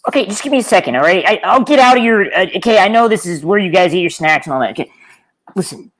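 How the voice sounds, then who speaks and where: A woman's voice: mid-range voice, animated, fast, close to an everyday voice, poor audio. A woman playing a flustered, put-upon female employee who rambles indignantly in an improvised comedy scene. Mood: exasperated.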